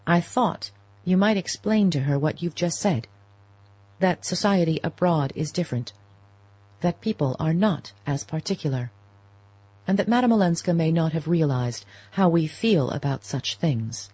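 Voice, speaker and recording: A woman's voice: sits low, expressive, moderate pace, slightly rough, dry recording, rough recording. Woman voicing a fretful genteel old mother. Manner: mild, coaxing, quietly insistent. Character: proper older society mother, fretful and gentle. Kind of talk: audiobook character reading.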